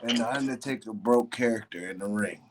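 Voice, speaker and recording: A man, a guest, telling stories in an animated, slangy way with frequent swearing. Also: medium pitch, brisk, a loud crowd. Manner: animated, slangy storyteller who swears often. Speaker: guest, professional wrestler. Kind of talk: casual storytelling.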